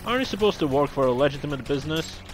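An actor playing a level-headed detective who tries to calm down a violent man in a video game. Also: a little high, rapid-fire, natural voice. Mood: firm.

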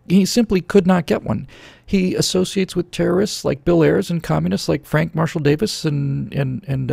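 A man's voice: fairly high pitch, creaky, a little mellow, slightly rough, dry recording. A middle-aged man hosting a show, answering viewer questions in a sarcastic, opinionated political rant close to a studio microphone. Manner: sarcastic, ranting, jumps into mocking voices.

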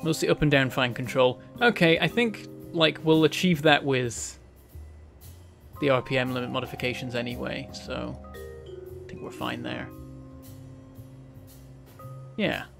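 A man's voice: mid-range voice, fairly even intonation, a little slow, gravelly, long pauses, music in the background. A man from northern England streaming a game live, thinking aloud, answering chat and breaking into frustrated exclamations. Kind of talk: live-stream gameplay commentary.

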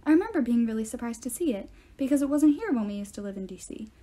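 An eager young girl, as a woman reading aloud puts her on, explaining plainly and confidently. Her voice sits a little high and mellow. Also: animated, quick pace.

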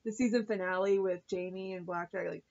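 A woman's voice: mid-range voice, fairly even intonation, fairly quick, vocal fry, darkish tone, lo-fi sound. A woman vlogger reviewing a TV episode in a chatty, gushing way, full of fillers and swearing. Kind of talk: casual chat.

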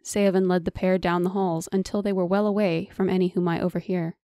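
A woman reading a fantasy audiobook as narrator in an even, measured storytelling manner. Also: fairly low pitch, dry recording, studio quality.

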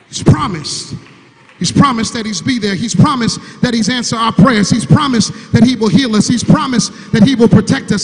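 Man, grieving preacher, very high gravelly whoop, bright edge, long church reverb. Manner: whooping, repeats words and stammers for emphasis; urges the congregation to answer back. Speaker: preacher, son of the late pastor. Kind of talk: call-and-response sermon. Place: large church sanctuary.

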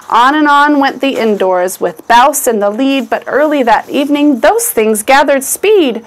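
A woman's voice: on the high side, unhurried, hardly any pauses. A woman reading a rhyming picture book aloud to children, with a rhythmic read-aloud delivery.

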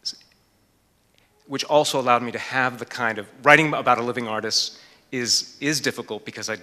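An author and art historian speaks on a panel in a lecture hall, his mid-range voice steady, brisk, bright and forceful. Still, he comes across thoughtful and hesitant, using frequent fillers, and the recording is reverberant.

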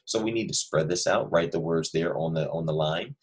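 A man teaching a first grade class in a recorded online lesson, speaking slowly and warmly to young children and reading example sentences aloud with lively stress. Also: low voice, breathy edge. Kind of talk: recorded remote homework lesson with screen share.

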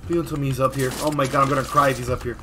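A man giving live commentary as he plays a video game, jumpy and excitable, full of exclamations. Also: mid-range voice, noisy background. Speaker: gaming streamer.

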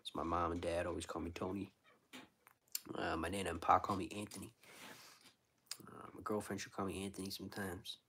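A man's voice: sits low, little pitch movement, fairly quick, pauses often, pushed and bright, slight background noise. A man, a street musician, chatting casually with viewers on a livestream, laid-back and rambling, full of slang like dude and bro.

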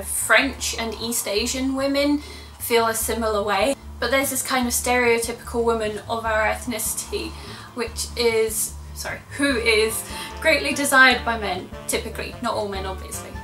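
A woman's voice: on the high side, fairly bright tone. A young woman from Russia talking casually to camera, chatty and sarcastic, laughing often. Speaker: vlogger. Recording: echoey room from a distance, music behind.

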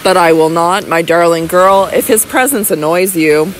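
A woman voices a doting older baronet in an audiobook. He sounds fond, reassuring and warmly indulgent, and he blusters when he is troubled. A faint hiss sits under the reading. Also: on the low side, moderate pace, close to an everyday voice, poor audio.

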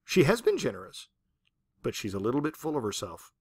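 A man's voice: medium pitch, fairly quick, slightly rough, dry recording, clean studio sound. A man lecturing on literature in a conversational way, often checking in with the class and acting out quotes. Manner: conversational, keeps asking the class "right?"; animated, acts out quotes. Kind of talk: recorded university lecture.

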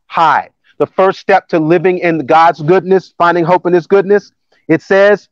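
A man pastor preaching a lively, emphatic sermon, repeating key phrases and laughing now and then. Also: a little high, moderate pace, no echo, highs cut off. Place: church campus building.

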